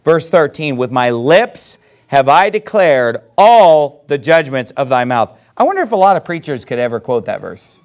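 Reading the scriptures at a slow pace, a middle-aged preacher then unpacks them with folksy emphasis. His voice sits a little high and has a sing-song lilt.

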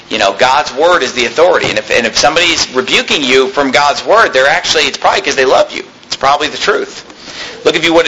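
A man preaching a sermon as a pastor, animated and imitating people he describes. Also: mid-range voice, reverberant, slight background noise, rough recording.

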